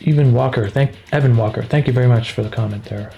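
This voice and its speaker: A man casually talking through his drawing on a livestream, rambling and relaxed, with lots of "like" fillers. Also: mid-range voice, quick pace, gravelly. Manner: rambling, relaxed, heavy use of "like". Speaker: artist streaming his work. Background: faint background music.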